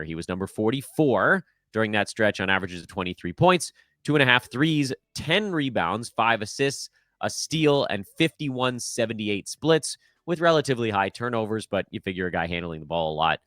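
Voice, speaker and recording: A man's voice: medium pitch, no room sound, clean studio sound. A man hosting a fantasy basketball show, talking casually and jokingly with rambling asides. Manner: animated, jokey, rambling asides. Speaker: fantasy basketball podcast host. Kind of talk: casual solo sports analysis.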